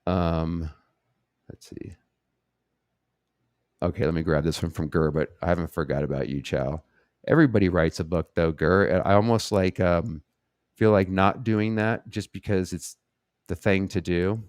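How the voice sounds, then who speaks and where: Low-voiced blunt man hosting a live chat. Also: moderate pace, pauses often, darkish tone, clear, resonant tone, no echo, clean studio sound. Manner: blunt, rambling and profane. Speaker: host answering viewer questions on a live stream.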